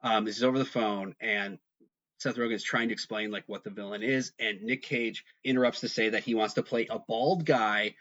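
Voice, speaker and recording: A man in casual chat, telling an animated story and peppering it with "like". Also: on the low side, normal speed. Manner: animated storyteller, heavy use of "like". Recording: slightly dull lo-fi sound.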